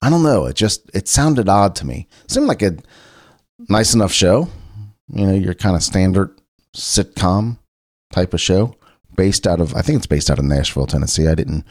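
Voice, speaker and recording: Low-voiced rambling man from Ohio. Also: animated, normal speed, darkish tone, dry recording, clean studio sound. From Cincinnati, Ohio. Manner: rambling, loose and conversational, with frequent restarts. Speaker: podcast host. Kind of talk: casual solo chat.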